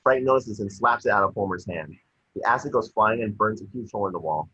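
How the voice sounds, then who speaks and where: A man reading stage directions in a plain, brisk way. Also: on the low side, sharp tone, husky, highs cut off. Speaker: scene description reader.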